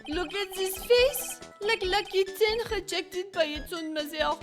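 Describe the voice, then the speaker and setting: A woman voicing a flamboyant French restaurant owner with a put-on French accent, drawn-out and dramatic, over game music. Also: very high-pitched, pitched above the performer's own voice. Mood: fussing.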